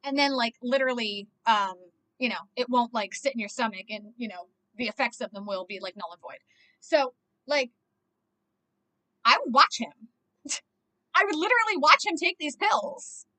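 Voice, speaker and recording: A woman's voice: on the high side, moderate pace, pushed and bright. A young woman rambling through a casual movie reaction, filling her talk with "like" and swearing freely. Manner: rambling, heavy use of "like", frequent swearing.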